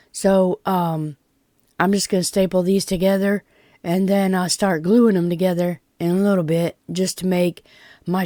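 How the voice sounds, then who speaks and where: A woman's voice: on the low side, dark tone, no room sound, studio quality. A Southern woman talking through a craft project in a chatty, folksy, self-deprecating way, congested from pollen and a bit short of breath. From Tennessee. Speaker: DIY vlogger. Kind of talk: casual craft tutorial.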